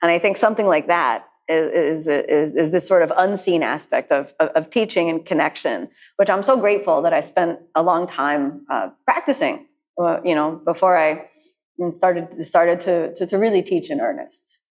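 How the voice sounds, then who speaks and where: A woman's voice: sits low, moderate pace. A woman yoga teacher giving a reflective talk to a class and then taking questions, speaking thoughtfully with frequent restarts. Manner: reflective, warm storytelling with many restarts. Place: studio class with people also joining online.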